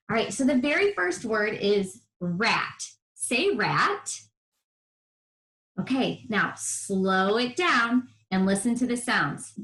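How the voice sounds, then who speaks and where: A woman with a fairly high, slightly bright voice teaches first grade to young children on a televised lesson, offering encouragement and sounding out letters in a sing-song way. The recording has a roomy echo.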